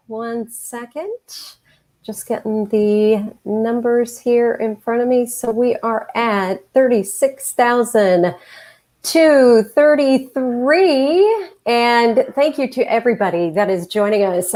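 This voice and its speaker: A woman gives a friendly, casual update on fundraising totals. She speaks slowly and her voice sits fairly high. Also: darkish tone.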